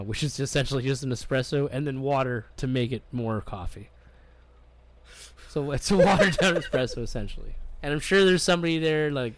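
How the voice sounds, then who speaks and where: A man from Canada telling a rambling travel story on a podcast, swearing a lot and acting out what people said. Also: medium pitch. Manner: rambling, profane, acts out quoted voices. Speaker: podcast co-host. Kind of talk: casual storytelling chat.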